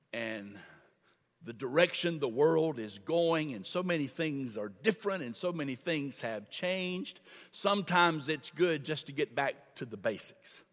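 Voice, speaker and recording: An older man preaching to his congregation, with a high, bright voice and an unhurried delivery. He repeats phrases for emphasis and calls on the listeners to answer back. The church hall rings with a long echo. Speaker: pastor. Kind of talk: sermon. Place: church sanctuary.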